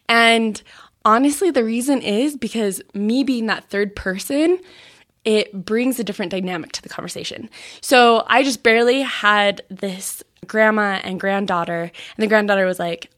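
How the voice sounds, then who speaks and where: Casting: chatty woman host, casual interview guest, talks loosely, mid-pitched. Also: expressive, a little fast, fairly bright tone. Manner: chatty, uses fillers like "like", laughs at herself. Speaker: podcast host and audio biographer.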